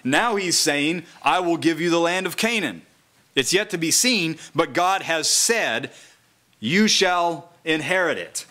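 A man preaching a sermon at a house church, slowly reading scripture aloud and then explaining it in a conversational way. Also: on the high side, lively intonation, bright, forceful tone.

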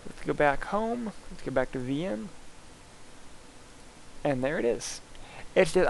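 A man with a slightly high, gravelly voice talks through a screen-recorded software lab in a casual, thinking-aloud way as he clicks through each step. A faint hiss sits under the recording. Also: low-quality recording. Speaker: instructor.

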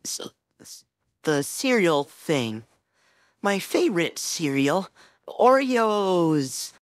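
A woman's voice: lowish voice, sing-song, extremely slow, no room sound, studio quality, exaggerated voice. A woman voicing a flustered teenage boy hero-in-training, rambling anxiously and talking himself up in a listener role-play. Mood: pleading. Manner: rambling, anxious, self-encouraging.

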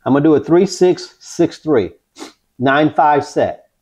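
A man vlogging his craps practice, talking viewers through each throw with excitement. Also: fairly high pitch, measured pace, breathy edge. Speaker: dice-control craps vlogger. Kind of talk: casual play-by-play while throwing dice.

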